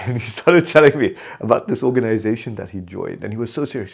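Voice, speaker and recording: A man's voice: lowish voice, fast talker, creaky, hardly any pauses, slightly rough. A man from Kenya, a podcast guest, telling stories in a conversational interview and acting out the dialogue in them. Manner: animated, acts out quoted dialogue in his stories.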